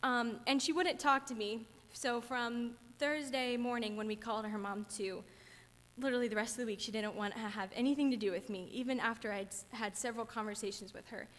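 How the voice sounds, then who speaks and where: Young woman, earnest testimony, slightly high voice, church hall reverb. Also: steady tone, fairly quick, fairly bright tone. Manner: earnest, chatty, gets teary. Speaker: camp counselor giving testimony. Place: church sanctuary.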